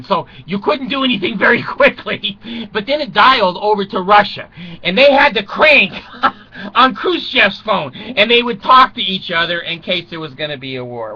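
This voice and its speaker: Chuckling older man, high bright voice. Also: dull audio. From United States. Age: 60s. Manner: chuckles through his own jokes. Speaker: storyteller. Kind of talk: rambling comic monologue.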